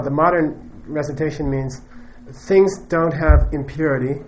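A man's voice: on the high side, steady tone, unhurried, background noise. A man teaching Buddhist philosophy in a lecture, joking and laughing often and ending points with "okay?". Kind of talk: classroom dharma lecture.

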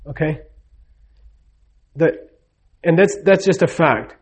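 A spiritual teacher gives a live talk in a slightly high, husky voice at an unhurried pace. His style is conversational, he checks in with the audience frequently, and he performs the dialogue when telling stories.

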